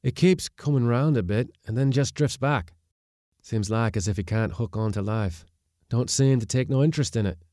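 A man voicing a stern, burly old sea skipper who talks in a blunt, rough seaman's dialect. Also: mid-range voice, moderate pace, dark tone, no room sound, studio quality, voice pushed up, natural voice. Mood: puzzled.

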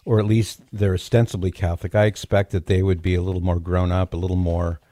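A man hosting a call-in radio talk show, speaking in a measured, conversational way with occasional dry jokes. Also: low-pitched, flat delivery, dark tone, no room sound.

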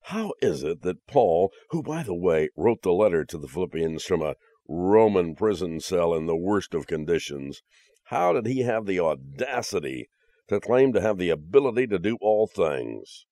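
A man's voice: sits low, very animated, normal speed, dark tone, dry recording, clean studio sound. A man hosting a daily radio show, giving an earnest devotional talk and then a friendly sign-off. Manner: earnest preaching, then joking. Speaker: radio host.

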